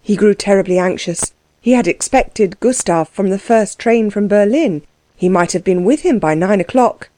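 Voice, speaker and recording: A woman reading a novel aloud as narrator, in a measured, steady way. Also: medium pitch, dry recording. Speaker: audiobook narrator. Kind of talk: scripted narration.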